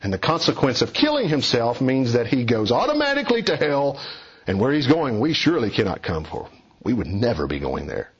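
A man preaches with an emphatic, urging delivery, his voice climbing and falling to press each point. His tone is a little husky, caught on a dull, lo-fi recording. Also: medium pitch, huge pitch swings, brisk. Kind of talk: expository sermon.

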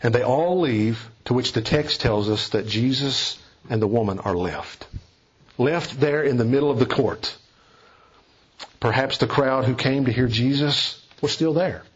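A man's voice: medium pitch, unhurried, husky, highs cut off. A man preaching a sermon as a pastor, earnest and emphatic, stressing key phrases.

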